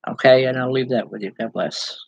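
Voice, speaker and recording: A woman giving live spiritual readings as a medium, speaking haltingly with repeated words and a gently reassuring manner. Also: a bass voice, vocal fry, husky, no room sound, poor audio. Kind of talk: live online psychic readings.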